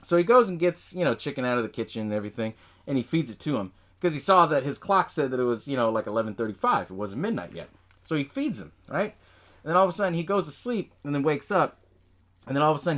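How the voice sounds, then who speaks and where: A man's voice: mid-range voice, expressive, fast talker, a bit bright. A man hosting a podcast, recapping a movie in a loose, profane way and laughing often as he tells it. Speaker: podcast host.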